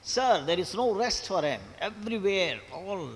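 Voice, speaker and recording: A man's voice: high-pitched, lively intonation, measured pace. A man in his seventies with a Tamil Indian English accent gives a motivational lecture to college students. He asks the audience questions, repeats key points and stresses each syllable. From Tamil Nadu, India. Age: 70s. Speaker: guest lecturer, former English professor. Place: college auditorium. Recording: long hall reverb.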